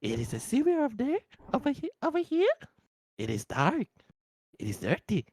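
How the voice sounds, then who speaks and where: A woman voicing a sinister male nightmare-bringer who talks in falsely kind tones, swinging between sweet highs and low murmurs. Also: wildly swooping pitch, normal speed, darkish tone, breathy edge, dry recording, clean studio sound, exaggerated voice. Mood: sugary.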